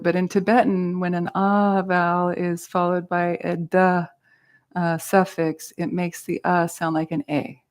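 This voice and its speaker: A woman from Central California teaching a Buddhist meditation class, explaining gently with a light, playful touch. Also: on the low side.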